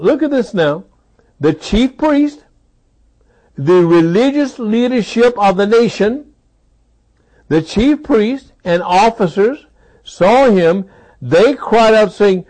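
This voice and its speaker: A man's voice: high voice, darkish tone. A man preaching a sermon, with dramatic delivery and heavy repetition for emphasis.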